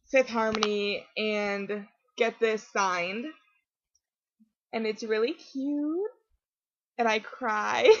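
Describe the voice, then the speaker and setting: Excitable teen girl vlogging, lo-fi sound. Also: medium pitch. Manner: rambling, excitable, many fillers and restarts. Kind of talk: casual chat to camera. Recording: dull lo-fi webcam audio.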